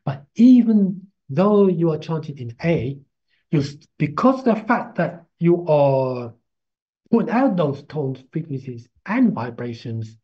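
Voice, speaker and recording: Slow, husky man teaching a class. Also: a little high, very animated. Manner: slow, halting, repeats himself while explaining; chants drawn-out syllables to demonstrate. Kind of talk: casual spoken lesson. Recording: dull lo-fi recording.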